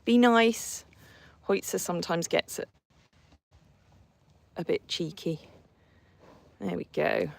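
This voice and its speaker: A woman's voice: lowish voice, slow pace, creaky, pauses often. A woman hosting a casual live stream from horseback outdoors, reading viewer comments and cooing and scolding her horses in between.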